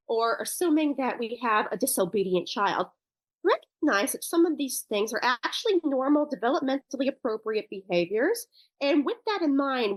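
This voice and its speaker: A woman's voice: medium pitch, dry recording. A woman guest on a parenting podcast interview, explaining her work with parents in a thoughtful, loosely rambling way with restarts. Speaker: guest who works with parents.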